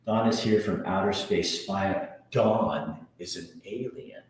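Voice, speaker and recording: A man's voice: fairly low pitch, expressive, a little slow, few pauses. A man hosting a casual live chat show, reading viewer comments aloud and answering them in a joking, rambling, self-mocking way. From Montana. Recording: very echoey room.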